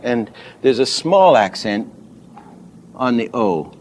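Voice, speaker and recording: An older man teaching animation, unhurried and thinking aloud, often stopping to act out a line reading. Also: on the low side, expressive, slight background noise. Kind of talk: teaching lecture.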